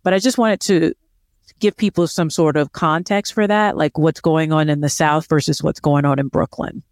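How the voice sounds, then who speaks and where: A woman's voice: deep voice, steady tone, normal speed, dry recording, clean studio sound. A woman co-hosting a podcast in casual chat, explaining in an earnest, emphatic way. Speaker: podcast co-host.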